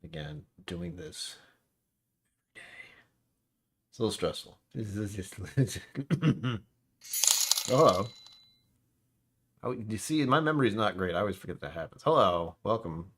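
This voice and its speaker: A man's voice: on the low side, animated, slow, long pauses, fairly bright tone, breathy edge. A man hosting a live whiskey stream, chatting casually, rambling and correcting himself as he greets viewers. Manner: rambling, self-correcting, talks to chat.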